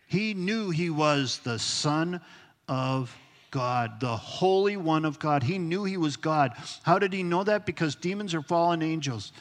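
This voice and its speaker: A man's voice: fairly high pitch, fairly bright tone. A man preaching a sermon as pastor, emphatic, sometimes dropping to a near-whisper to stress a point. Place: church sanctuary. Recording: long hall reverb.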